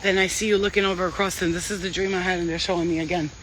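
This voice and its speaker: A woman's voice: on the low side, steady tone, very fast, a bit bright, slight background noise, low-quality recording. A woman psychic medium giving a casual spiritual reading and telling stories in a blunt, chatty way, swearing freely.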